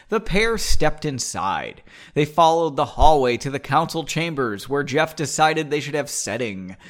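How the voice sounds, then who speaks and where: Chatty man with a lively voice. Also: fairly high pitch. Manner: chatty, digressive, laughs often. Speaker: podcast host reading his own story. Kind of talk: casual chat and story reading.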